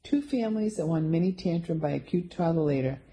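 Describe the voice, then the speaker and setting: A woman reading a first-person mystery novel aloud in a wry, even storytelling manner. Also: deep voice, fairly quick, poor audio. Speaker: audiobook narrator. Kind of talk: first-person audiobook narration.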